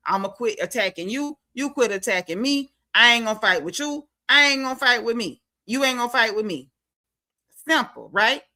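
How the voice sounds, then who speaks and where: A woman hosting a reality TV recap, talking casually and emphatically. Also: a little high. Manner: animated, emphatic, talks straight to the cast members.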